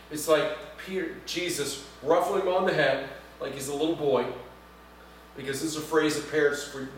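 A man's voice: medium pitch, fairly bright tone. A man preaching a sermon as pastor, talking conversationally, asking the congregation questions and making light jokes. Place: church sanctuary. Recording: echoey church from far off, faint hum.

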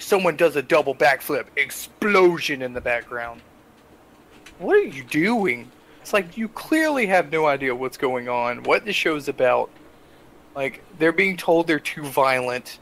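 A young adult man co-hosting a casual podcast, telling a story with animated, exasperated asides. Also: mid-range voice, moderate pace, a little hiss or hum. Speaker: podcast co-host.

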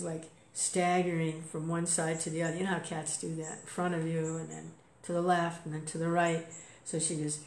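A woman's voice: sits low, darkish tone. An older woman in a casual spiritual talk, emotional and exclaiming, laughing often. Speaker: devotee sharing reflections. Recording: roomy with faint background noise.

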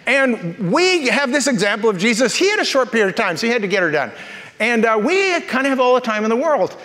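Brief: male pastor, high voice, playful sermon storyteller, long church hall reverb. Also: a little fast. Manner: jokey, animated storyteller. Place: church auditorium.

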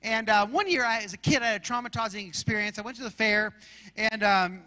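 Male pastor, very high voice, bright tone, animated storytelling sermon. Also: a little fast, in a large hall. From Arizona, USA. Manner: animated storytelling, acts out shouts and roars.

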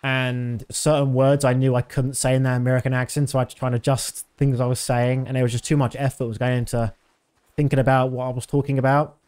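A man's voice: medium pitch, little pitch movement, quick pace, darkish tone, clear, resonant tone. A man in his thirties giving casual, rambling commentary while streaming a game, with many fillers.

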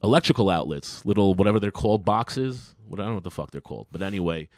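A young adult man, a comedian co-hosting a podcast, telling a story casually, swearing a lot and jumping into loud impressions of the people in it. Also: sits low, expressive, fast talker, dry recording, studio quality. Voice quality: profane, wisecracking delivery. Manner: acts out quoted lines in a jumped-up loud voice.

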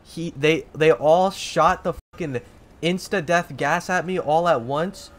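A young man streaming a video game, giving excitable, slangy commentary and swearing often. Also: on the high side, a little slow. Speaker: gaming streamer. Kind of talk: gameplay commentary. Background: game music.

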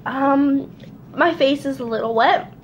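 A woman's voice: sits high, unhurried, lo-fi sound. A young woman vlogger chatting casually through a challenge video, giggling often. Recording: noisy home recording.

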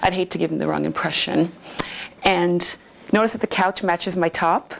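Chatty, excitable woman with a creaky voice. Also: on the low side, moderate pace, low-quality recording. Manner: chatty, nervous and excitable, jokey asides. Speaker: interviewer. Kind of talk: vlog-style chat to camera. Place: hotel room and city streets.

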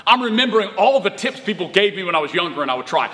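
A man in his thirties, a pastor preaching a sermon, telling stories in an animated, conversational way with emphatic surges. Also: high-pitched, racing, hardly any pauses, in a large hall. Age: 30s.

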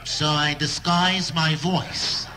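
A man's voice: a little high, steady tone, takes it slowly, bright, forceful tone, some chatter behind. A man doing a live stand-up routine with a wry observational delivery and bursts of mock outrage. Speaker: stand-up comedian.

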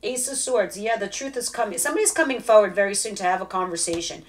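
A woman's voice: medium pitch, fast talker. A woman giving a casual tarot reading straight to the viewer, chatty and direct. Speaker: tarot reader.

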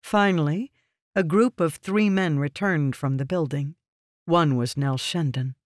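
A man narrating a fantasy novel in a steady, measured storytelling manner. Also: fairly high pitch, no room sound, studio quality. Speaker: audiobook narrator.

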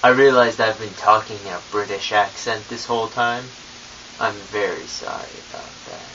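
A man's voice: lowish voice, normal speed, distant mic, dull audio. Offhand young man, off-mic. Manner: quiet, offhand, rambling. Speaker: vlogger. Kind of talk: casual vlog talk. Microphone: camera mic, off-mic. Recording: hissy home camera audio, off-mic.

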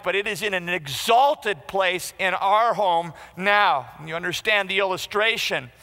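Male pastor, high bright voice, punchy conversational sermon, long hall reverb. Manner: emphatic, conversational preaching with quoted asides.

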